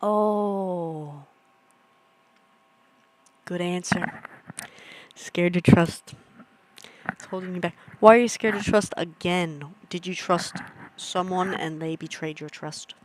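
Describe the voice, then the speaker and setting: A woman's voice: lowish voice, fairly even intonation, a little slow, slight background noise. Young woman streaming and chatting, rambly, kinda goofy, laughs at her own jokes. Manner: chatty, rambling, self-amused, talks to chat. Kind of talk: casual livestream chat.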